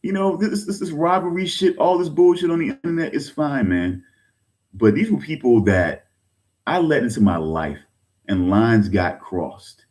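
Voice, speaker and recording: A man in his thirties ranting to camera in an agitated, swearing voice. His words pile up in repeated restarts, and his pitch jumps sharply upward whenever he gets worked up. The pitch of his voice sits in the middle range for a man. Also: lively intonation, normal speed, darkish tone. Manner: agitated, swearing, repeats himself, pitch swings high when angry; addresses viewers as folks. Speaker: online content creator. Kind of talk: heated direct-to-camera rant.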